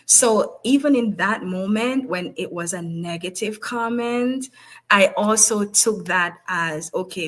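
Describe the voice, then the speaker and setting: The recording is low quality, but this medium-pitched woman comes across as warm. As an HR professional being interviewed, she shares workplace anecdotes casually, laughing frequently and smiling through what she says.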